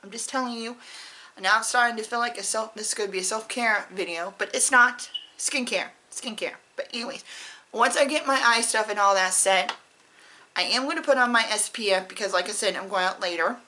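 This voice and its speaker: A woman's voice: a little high, fairly quick, bright, forceful tone, poor audio. A woman vlogger talking casually to her viewers in a rambling, candid, personal way. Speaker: beauty vlogger. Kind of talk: casual chat to camera.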